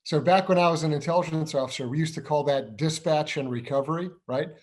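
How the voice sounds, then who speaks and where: A man hosting an interview who once worked as an intelligence officer, explaining events in a measured way, step by step. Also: fairly high pitch, a little mellow. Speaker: show host and former intelligence officer. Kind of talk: conversational interview.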